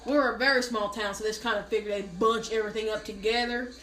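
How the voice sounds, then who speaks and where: A woman's voice: fairly high pitch, quick pace, a little hiss or hum. A woman performing a comic monologue, telling a spoiled, self-pitying story with a straight face. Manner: mock self-pitying, deadpan exaggeration. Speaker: comedic storyteller. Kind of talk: mock-dramatic comic monologue. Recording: roomy echo.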